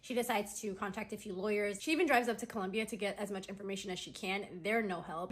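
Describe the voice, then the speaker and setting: Brief: young woman, storytime creator, talks fast, chatty filler-heavy delivery, mid-range pitch. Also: fairly bright tone. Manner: chatty, lots of "like" and "right?" asides. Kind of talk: casual storytime retelling.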